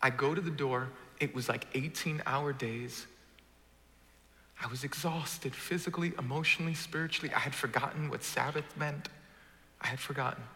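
A man preaching a sermon, jumping from booming, joking lines to hushed, quiet ones as he works the crowd. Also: moderate pace. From Brooklyn. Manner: animated, swings from booming to hushed, jokes with the crowd. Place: church auditorium. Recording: large reverberant hall.

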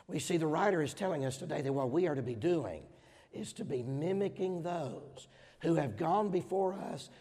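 A middle-aged man from Georgia with a Southern accent, preaching a sermon emphatically, swinging between loud stressed words and quieter asides. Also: fairly high pitch, slightly rough. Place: large hall with audience. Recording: hall reverb.

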